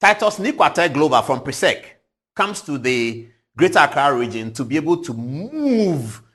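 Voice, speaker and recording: A man in his forties with a Ghanaian English accent, hosting a TV show, telling stories with animated energy and frequent chuckles. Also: on the high side, unhurried, breathy edge. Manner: animated, chuckling, swings from loud to hushed. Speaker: TV show host. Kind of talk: lively commentary and storytelling. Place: TV studio.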